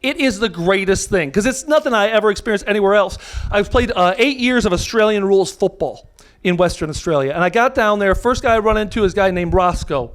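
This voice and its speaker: This American stand-up speaks a little fast, his voice high, animated, and fairly bright. Brash and foul-mouthed, he keeps interrupting himself, with the live audience's laughter spilling over the mic.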